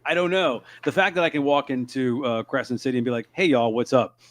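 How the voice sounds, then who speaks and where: A man co-hosting a podcast in casual chat, rambling and halting with lots of filler words, self-deprecating and quick to laugh. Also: mid-range voice, fairly bright tone, dry recording. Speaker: podcast co-host.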